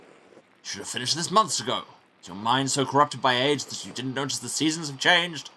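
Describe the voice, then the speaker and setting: A man's voice: medium pitch, a little fast, sharp tone, a little hiss or hum, pitched above the performer's own voice, close to an everyday voice. A man voicing a stern older monastery prior who scolds the monks under him with contempt. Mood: scolding.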